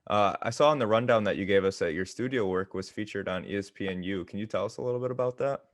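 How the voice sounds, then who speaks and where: A man co-hosting a podcast, thanking the guest and asking a follow-up question briskly. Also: lowish voice, no echo, clean studio sound. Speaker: podcast co-host. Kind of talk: casual interview questions.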